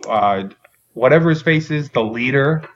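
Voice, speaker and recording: A man's voice: mid-range voice, normal speed, highs cut off. A man hosting a comedy podcast, steering the segments and swearing freely. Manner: profane, laughing, leads the game. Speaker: podcast host leading segments. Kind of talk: casual comedic chat.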